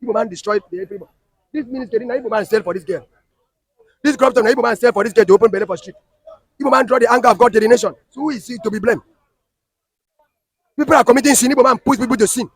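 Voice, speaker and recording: Nigerian pidgin guy ranting fast, high husky voice, keeps repeating himself. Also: no echo. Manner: emphatic, repetitive, scolding. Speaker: street interviewee. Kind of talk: heated street argument.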